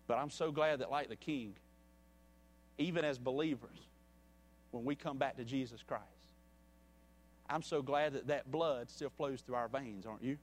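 A man preaching a sermon in a church, reading a story and then pleading earnestly and softly with listeners. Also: medium pitch, moderate pace, long pauses. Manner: earnest and pleading, dropping soft.

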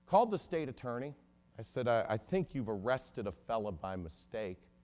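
A man's voice: medium pitch, normal speed. A middle-aged man, a lawyer, telling a story to an audience and acting out the voices of the people in it. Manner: animated storyteller acting out quoted dialogue.

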